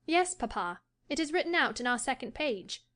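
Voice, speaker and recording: A woman's voice: high-pitched, sing-song, normal speed, a bit bright. An actress playing a cheerful young daughter who soothes her anxious father in an audiobook. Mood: reassuring. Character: bright, reassuring young daughter. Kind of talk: audiobook character voice.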